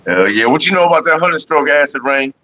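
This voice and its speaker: A man's voice: on the high side, sharp tone, dry recording, muffled recording. A young man rambling casually to camera, joking and laughing often. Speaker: vlogger.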